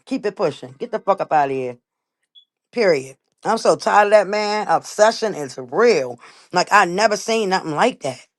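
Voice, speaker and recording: A woman hosts her own livestream and talks straight at her viewers in a heated rant. She is blunt, swears freely and stresses her points hard. Her voice sits at an ordinary middle pitch. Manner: blunt, profane and emphatic. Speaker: livestream host.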